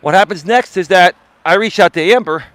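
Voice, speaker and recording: Out on a walk, a man who is a life coach rants confrontationally on his livestream, repeating himself and swearing in a heated tirade. His voice is high, brisk and a bit bright, with no room sound.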